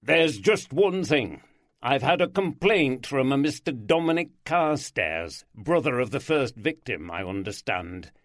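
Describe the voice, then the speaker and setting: A man's voice: mid-range voice, very animated, a little slow, no room sound, pitched above the performer's own voice. Hearty teasing Yorkshire police boss, raised voice, dry close sound, a male narrator doing him. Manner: hearty, chuckling.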